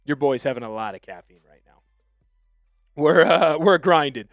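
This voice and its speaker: A young man hosting a live sports show, hyped and energetic, shouting out viewers by name. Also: a little high, moderate pace, dry recording, faint music behind. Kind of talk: live-stream sports chat.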